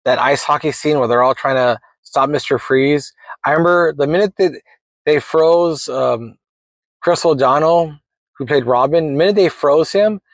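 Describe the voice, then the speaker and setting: A man in his forties casually telling a rambling personal story, animated and laughing as he goes. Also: on the high side, no echo, rough recording.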